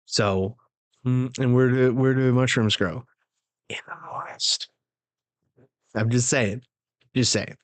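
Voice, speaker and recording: Male reaction host, unhurried slang-heavy delivery, dry close sound. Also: mid-range voice, no room sound. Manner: casual slang, laughing between remarks. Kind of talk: casual live reaction, reading aloud.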